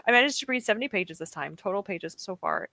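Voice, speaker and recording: A young woman chats casually with viewers during a reading stream. She laughs easily, and her bright voice moves up and down a lot. The mic is close and dry. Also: medium pitch, animated, fast, gravelly, no room sound. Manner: chatty and giggly, often laughs and reacts to chat. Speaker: streamer hosting reading sprints. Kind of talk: casual chat with live chat. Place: home desk.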